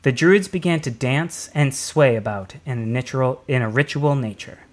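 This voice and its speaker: A man narrating a story in a plain, even storytelling delivery. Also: mid-range voice, moderate pace.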